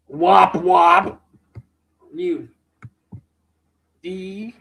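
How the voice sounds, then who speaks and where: Speaking at a measured pace in an extremely high pitch, a man hosts a live stream. His stories ramble casually, and he rants in a profane, slang-heavy way, dropping "bro" and "dude" constantly.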